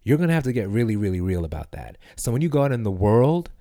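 A man co-hosting a podcast in a casual discussion, building long, earnest arguments. His voice is low and mellow, recorded dry and close. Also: sing-song, fast, no echo. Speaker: podcast co-host.

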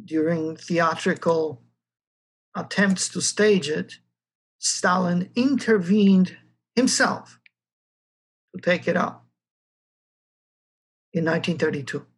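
History lecturer, husky and slow, halting delivery with many fillers, recorded lecture. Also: mid-range voice, rough recording.

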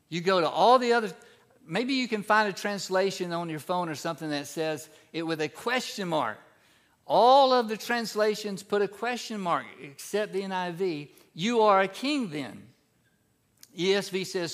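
A man preaching a sermon as pastor, reading scripture and then explaining it in a conversational teaching way, his voice climbing in pitch and volume for emphasis. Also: moderate pace, a bit bright.

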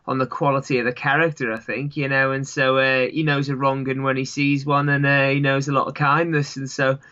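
A long-distance runner from England talks casually as an interview guest, rambling through his thoughts with lots of "sort of" and "you know." His mid-range voice is level, brisk, bright and forceful, and the recording sounds dull and lo-fi.

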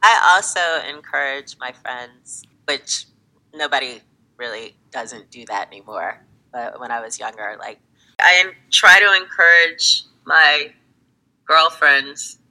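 Woman, casual chat, very bright tense tone, swoops up and down a lot, animated storyteller. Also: rumbling low, slow pace, rough recording. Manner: animated, acts out friends' voices in quotes; laughs often while talking.

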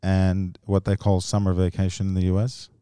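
A man's voice: deep voice, completely flat delivery, normal speed, warm tone, smooth, no echo. Dry-voiced man telling rambling stories. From grew up in the US and Australia. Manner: rambling storytelling with frequent laughs. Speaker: comedian guest. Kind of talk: casual podcast chat.

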